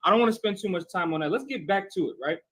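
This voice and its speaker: A man's voice: high voice, lively intonation, rapid-fire, fairly bright tone, low-quality recording. A man teaching a bible class, talking conversationally and often checking in with his listeners. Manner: conversational, keeps checking with "right?" and calling on readers. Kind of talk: scripture teaching.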